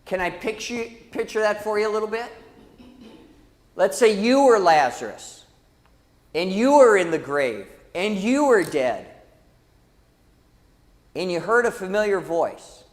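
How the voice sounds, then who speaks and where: High-voiced lively man leading a Bible class. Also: unhurried, long pauses, big-room sound. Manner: lively, dramatic, calls out to the class. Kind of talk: church Bible class teaching. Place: church hall.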